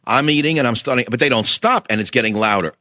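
A man's voice: mid-range voice, fast, bright, forceful tone, no echo, clean studio sound. An older man from New York hosting a radio talk show, delivering an indignant, mocking monologue and telling a story with mimicked voices. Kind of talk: ranting monologue.

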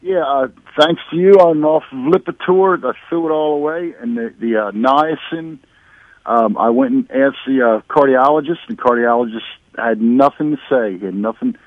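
Male caller, hesitant and halting, heard through a tinny phone line with a dry sound. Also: medium pitch, no echo. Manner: hesitant, halting, many fillers. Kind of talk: phone-in call.

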